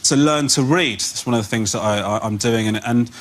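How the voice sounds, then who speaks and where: A male comedian on a panel show, ranting in exasperated bursts that rise to indignant shouts. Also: mid-range voice, a little fast. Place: TV studio with live audience.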